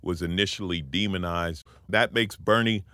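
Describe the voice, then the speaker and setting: A man's voice: sits low, moderate pace, pushed and bright, no room sound, studio quality. A man co-hosting a talk show and giving his opinions assertively. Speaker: co-host.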